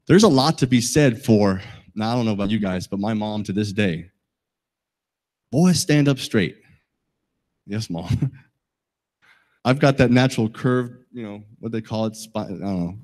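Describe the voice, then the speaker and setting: A man's voice: fairly low pitch, a little mellow. A middle-aged man giving a safety talk to a live audience, folksy and joking, asking the listeners questions. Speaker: safety presenter.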